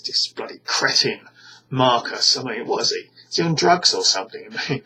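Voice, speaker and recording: A man's voice: mid-range voice, lively intonation, moderate pace, sharp tone, slight background noise, rough recording. A British man ranting to his viewers in a casual monologue, rambling and scornful, stumbling over frequent restarts. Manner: scornful, exasperated. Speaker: vlogger.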